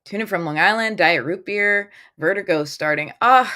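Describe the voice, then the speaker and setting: Bright-voiced woman hosting a livestream. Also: mid-range voice, moderate pace. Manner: chatty and upbeat, reads viewer comments aloud. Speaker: tarot reader hosting a livestream. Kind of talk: casual livestream chat. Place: home room she calls her fairy cave. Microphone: phone.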